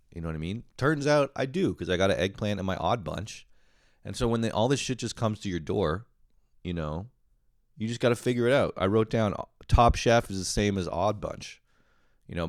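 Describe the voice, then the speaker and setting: A man's voice: low voice, no room sound, clean studio sound. A man hosting a podcast, talking in a rambling, profane casual monologue full of fillers. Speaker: podcast host.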